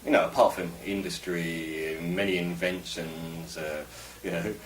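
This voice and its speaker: A man's voice: deep voice, fairly even intonation, measured pace, a little hiss or hum. A man from England, a vlogger, talking to camera in a rambling, musing and opinionated way. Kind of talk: casual monologue to camera. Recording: roomy echo, voice from a distance.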